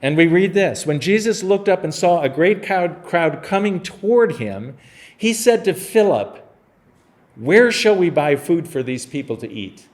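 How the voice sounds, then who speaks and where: A man's voice: on the high side, lively intonation, a little slow. A man preaching a sermon as pastor, explaining a Bible passage in a casual, conversational way and acting out scenes with humor.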